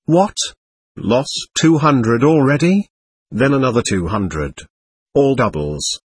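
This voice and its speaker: A man's voice: medium pitch, lively intonation, slow pace, breathy edge. A man reading the lines of an impulsive young male gambler in a storybook reading, speaking in bursts of exclamation. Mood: excited. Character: hot-headed young Russian gambler, male.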